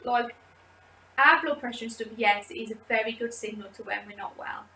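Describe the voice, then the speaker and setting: A woman rambles chattily, with her voice sitting a little high. She is recorded from a distance in an echoey room with faint background noise. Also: fairly quick, pushed and bright. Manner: chatty and rambling, many "like" fillers. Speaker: vlogger leading a support group video. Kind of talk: casual personal talk to camera. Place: indoors, seated.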